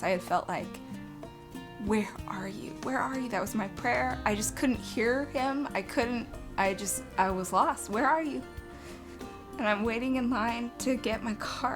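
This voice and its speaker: Woman, personal testimony, earnest and emotional, halting restarts, soft music underneath. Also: medium pitch. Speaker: author sharing her faith story.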